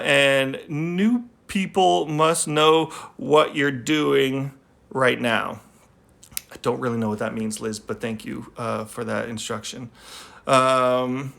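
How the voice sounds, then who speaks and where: A man's voice: mid-range voice, vocal fry, a bit bright. A man who talks casually on a livestream, rambling and joking with many fillers, then reads a poem aloud. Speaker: poet. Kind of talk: casual live-stream chat and poetry reading. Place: at home. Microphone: phone livestream.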